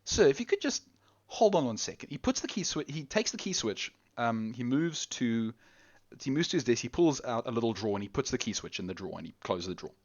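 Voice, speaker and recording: A man narrating a tabletop game as game master, halting and restarting often. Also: medium pitch, lively intonation. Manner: halting, with many restarts and laughs.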